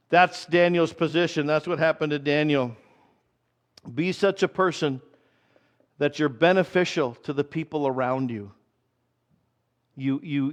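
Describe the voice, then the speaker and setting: A pastor preaching a sermon in a conversational style, slowing down to repeat key phrases. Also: male voice, on the high side.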